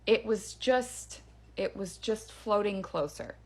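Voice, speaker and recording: Woman, casual storyteller, chatty with fillers, hushed drops for suspense. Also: mid-range voice, slow pace. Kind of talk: casual first-person story telling. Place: parents' backyard by a campfire.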